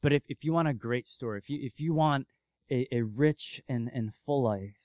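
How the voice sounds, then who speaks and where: A man preaching a sermon as pastor, telling a story with lively swings from hushed to loud. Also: medium pitch, moderate pace, no echo.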